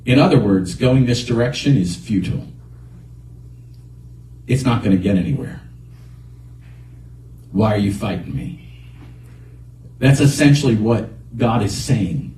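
A man's voice: lowish voice, animated, a little slow, long pauses, dark tone. A man preaching a sermon as a pastor, earnest and emphatic, repeating his key points. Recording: echoey room picked up from a distance.

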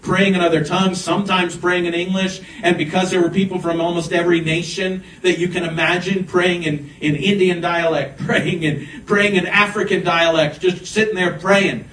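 A man preaching from a church pulpit in a somewhat high voice, rising to loud urgent peaks before easing into hushed prayer. He sits at some distance from the microphone, so his words ring through a roomy, echoing sanctuary. A faint hum of room noise lies underneath. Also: fairly even intonation, normal speed, few pauses. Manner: impassioned preaching that swells loud and high, then drops to soft prayer. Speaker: pastor. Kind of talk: sermon and closing prayer. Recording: echoey room, picked up from a distance.

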